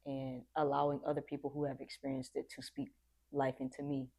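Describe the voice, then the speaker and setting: Low, mellow-voiced woman on a podcast. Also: flat delivery, brisk, vocal fry, husky. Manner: reflective, earnest, acts out quoted voices. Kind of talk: casual podcast conversation.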